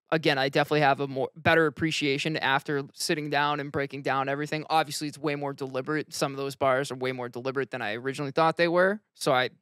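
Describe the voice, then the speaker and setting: A man co-hosting a casual podcast, explaining his views in a measured way. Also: on the high side, bright, forceful tone, no echo, studio quality. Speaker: podcast co-host. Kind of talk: casual chat.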